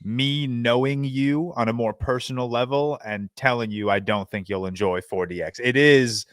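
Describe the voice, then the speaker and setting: A man hosting a casual movie podcast, chatty and relaxed, with frequent fillers. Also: mid-range voice, normal speed, no room sound, studio quality. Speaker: podcast host.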